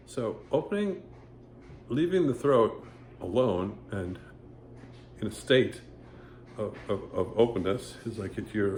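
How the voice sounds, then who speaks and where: A voice teacher gives a casual singing lesson, rambling and often stopping to sing short vowel demonstrations. His voice is fairly low with a darkish tone, and the echoey room has faint ambience and slight background noise.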